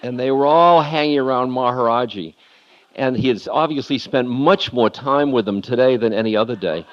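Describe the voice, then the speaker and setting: Man telling a candid story in a lecture, mid pitch, laughs at himself, muffled old tape sound. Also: normal speed. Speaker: spiritual lecturer.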